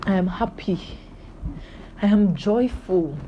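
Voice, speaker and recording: A woman's voice: medium pitch, lively intonation, slow, muffled recording, a little hiss or hum. A young woman speaking to camera in an emotional, joyful personal video diary, praising God. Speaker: vlogger.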